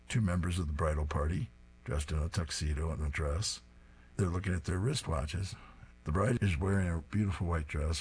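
A man's voice: low-pitched, husky. A man reading comic strips aloud, describing each panel in a plain, descriptive way. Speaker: reader.

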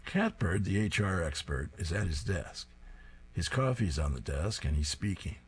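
A man's voice: deep voice, expressive, moderate pace, breathy edge. A man reading comic strips aloud, describing each panel in a plain, descriptive way. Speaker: reader.

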